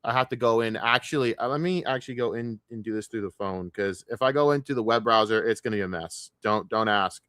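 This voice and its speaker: A man's voice: on the low side, quick pace, hardly any pauses, a bit bright, clear, resonant tone, dry recording, studio quality. A man streaming live, talking casually and ranting in a profane, combative, mocking way.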